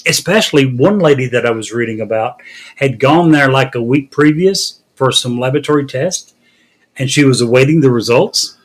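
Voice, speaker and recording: A man's voice: medium pitch, normal speed. A man hosting a casual news podcast, recounting stories in a wry way. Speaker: podcast host.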